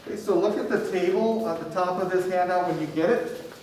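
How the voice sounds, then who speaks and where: A man lectures a music theory class from the front of a classroom, stopping often to quiz his students. His voice sits a touch high and comes from across the room, with heavy room echo and a faint hiss underneath. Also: a little fast, a little mellow. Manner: questioning, checks in with students often. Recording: echoey classroom from far off, faint noise.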